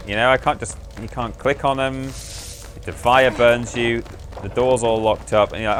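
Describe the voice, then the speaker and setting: There's a little hiss or hum and faint game music as a man streams his gameplay live. His voice is medium-pitched and a bit bright, his pace moderate, and he chats amusedly, rambling and correcting himself in casual commentary.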